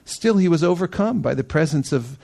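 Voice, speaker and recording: A man giving a storytelling sermon, animated, acting out the people he quotes and laughing often. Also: fairly high pitch, fairly quick, gravelly. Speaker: devotional speaker.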